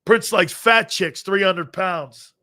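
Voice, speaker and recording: A man's voice: high-pitched, takes it slowly, bright, forceful tone. A middle-aged man hosting a live sports talk show, brash and profane, rambling through chat comments and laughing often.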